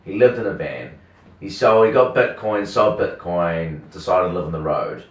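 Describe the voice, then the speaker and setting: Rambling low-voiced young Kiwi man. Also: normal speed. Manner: rambling, animated, full of "like" and quoted voices. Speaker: radio host telling a story. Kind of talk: casual storytelling chat. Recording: roomy, distant mic.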